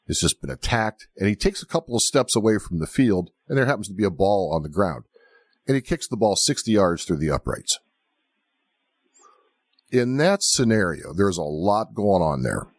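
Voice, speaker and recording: Deep-voiced man, lively storytelling host. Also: moderate pace, dry recording. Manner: storytelling, animated, questioning. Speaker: podcast host. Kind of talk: conversational podcast interview.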